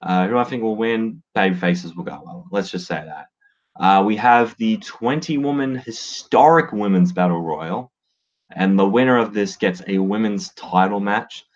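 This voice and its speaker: Casual male podcaster, low voice, dull lo-fi mic, blunt and sweary. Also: moderate pace. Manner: blunt, swears freely, many fillers. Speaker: wrestling podcaster. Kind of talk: casual solo commentary. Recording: dull lo-fi sound.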